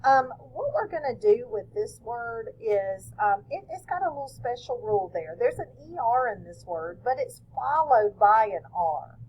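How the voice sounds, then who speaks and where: A woman walks young learners through a phonics lesson, one step at a time. Her voice is a little high and soft with breath. She explains patiently, the way a recorded classroom lesson runs. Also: sing-song, moderate pace, hardly any pauses, slightly rough, poor audio. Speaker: teacher.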